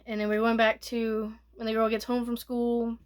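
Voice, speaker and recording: Woman, soft-spoken ASMR recap; rambling, self-correcting, slightly higher pitch. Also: monotone, normal speed. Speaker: movie reviewer.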